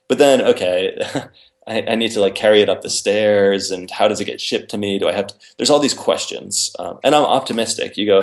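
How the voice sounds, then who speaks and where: A man's voice: lowish voice, fairly quick, vocal fry. A man, an author and interview guest, explaining his ideas in casual conversation and acting out both sides of imagined dialogues.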